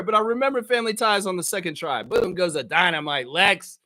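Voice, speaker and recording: Male sports-chat host, high and bright, animated, profane, slangy, rambling. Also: brisk. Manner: slangy, talks straight to the audience. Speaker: sports talk show host. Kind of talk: casual live sports chat.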